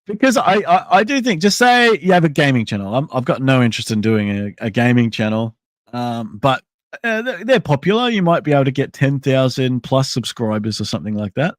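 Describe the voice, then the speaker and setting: A man talks loosely on his livestream at a middle pitch, rambling and restarting as he thinks aloud. He answers chat messages in a casual way. The sound is dry, with no room echo. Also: very animated, brisk. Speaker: livestream host.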